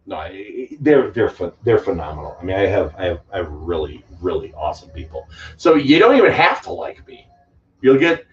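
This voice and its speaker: A man coaching on credit repair in a live question-and-answer stream, blunt and emphatic, rambling between points with sudden loud outbursts. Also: medium pitch. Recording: distant mic, dull muffled sound.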